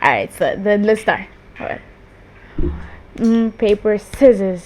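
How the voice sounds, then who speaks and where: A young woman hosting a casual chat, giggly and quick when nervous. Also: medium pitch, animated, a little mellow, a little hiss or hum. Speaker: host.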